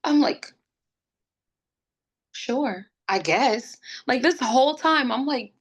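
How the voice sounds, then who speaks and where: A young woman with a high, husky voice takes her time as she casually tells a personal story on a podcast where she's a guest. Animated, she acts out quotes from other people.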